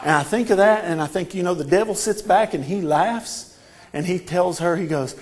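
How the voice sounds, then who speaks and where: A man with a notably high voice delivers a sermon. He swings from hushed storytelling to fervent, repeated declarations. His delivery builds to shouts. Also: moderate pace. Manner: impassioned, building to shouted repetitions. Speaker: preacher.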